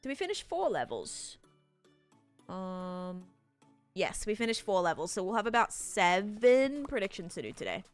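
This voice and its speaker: A woman's voice: medium pitch, very animated, moderate pace, clean tone. Australian woman, game streamer, rambling casual chat with viewers, faint music behind. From Australia, Sydney. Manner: chatty, rambling, reads out and answers chat.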